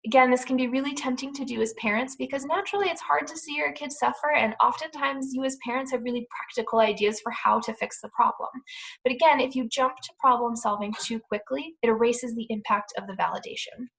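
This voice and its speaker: A young American woman, a clinician, giving a calm, clear, reassuring pre-recorded talk to parents, with softly spoken example phrases. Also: sits high, brisk, rough recording. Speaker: clinician presenting a parent webinar.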